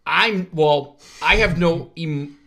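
A man co-hosting a casual movie review podcast, excitable and blunt about enjoying a shocking death. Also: a little high, takes it slowly, gravelly. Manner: excitable, laughs at deaths, loud bursts. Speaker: podcast co-host.

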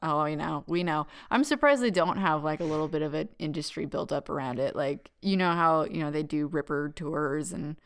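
Young woman podcast co-host, lowish smooth voice, giggly and rambling, casual chat. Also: fairly quick, few pauses.

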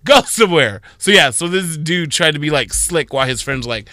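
Morning radio co-host, man in his thirties, bright and forceful, dry studio sound, sassy storyteller. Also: fairly high pitch, fairly quick, no echo. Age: 30s. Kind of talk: casual radio banter.

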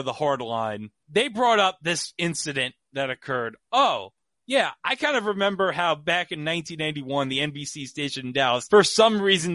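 A man's voice: on the high side, pushed and bright, dry recording. A man hosting a podcast, telling a story in casual chat with lots of fillers. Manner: chatty storyteller, many fillers. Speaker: podcast host.

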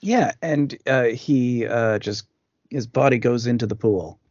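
A man's voice: medium pitch, measured pace, a little mellow, no room sound, highs cut off. A man co-hosting a podcast, chatting casually about a film with stammering restarts. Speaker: podcast co-host.

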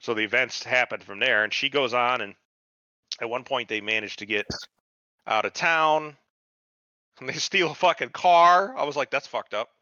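A man's voice: medium pitch, moderate pace, pauses often, sharp tone, no room sound, lo-fi sound. A man co-hosting a podcast, casually retelling a TV show with heavy swearing and quoted voices. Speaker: podcast co-host. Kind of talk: casual chat recapping a TV show.

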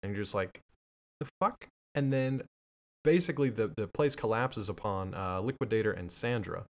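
A man co-hosting a casual podcast, recapping an old cartoon with jokey, animated storytelling. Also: lowish voice, fairly quick. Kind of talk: casual chat.

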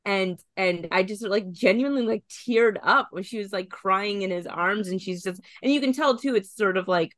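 A woman co-hosting a podcast in casual chat, animated, swearing freely and laughing often. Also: mid-range voice, normal speed, hardly any pauses, no room sound. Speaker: podcast co-host.

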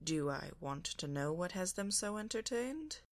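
A woman's voice: lowish voice, lively intonation, unhurried, dry recording. A woman doing a droll, weary starship captain. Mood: dry. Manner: dry and drolly formal. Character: dignified weary older male starship captain.

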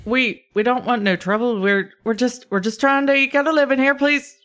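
A man's voice: very high-pitched, fairly even intonation, rapid-fire, pitched above the performer's own voice. A man voicing a wary, wheedling male kobold who stammers and pleads. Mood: nervous wheedling.

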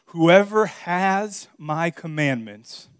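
A middle-aged man preaching a sermon, telling a personal story and swinging between quiet asides and loud, emphatic preaching. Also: a little high, animated, extremely slow, clear, resonant tone, no echo, studio quality. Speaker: pastor.

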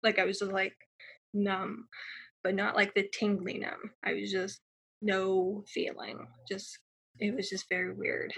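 A woman's voice: mid-range voice, flat delivery, measured pace, creaky, a bit bright, breathy edge. A young woman telling her personal story in a casual, chatty way, full of fillers and acted-out quotes.

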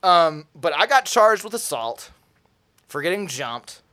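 A man's voice: fairly high pitch, very animated, unhurried, bright, forceful tone. A young man from Tennessee, telling a story in casual chat, profane and acting out quotes with laughs.

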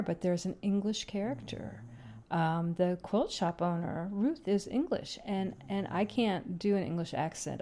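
A woman's voice: on the low side, dark tone. A woman hosting a solo podcast from home, talking casually in a rambling, chatty, self-deprecating way. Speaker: podcast host.

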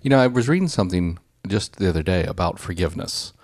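A man's voice: low-pitched, lively intonation, fast talker, a little mellow, dry recording, clean studio sound. A man hosting a parenting podcast, leading a quiz segment with playful, thoughtful asides. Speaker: podcast host.

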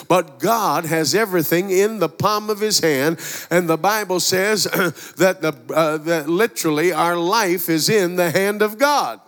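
A man's voice: fairly high pitch, fairly bright tone. Man preaching a folksy sermon in a reverberant church. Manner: folksy, conversational preaching with quoted dialogue. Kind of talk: sermon with storytelling. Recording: long hall reverb.

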